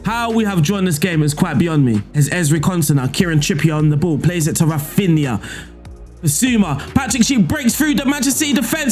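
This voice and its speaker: A video game streamer commentates his game and breaks down tactics in a high-sitting, fairly quick voice. He's excitable, shouting at misses and swearing mildly, with soft music in the background.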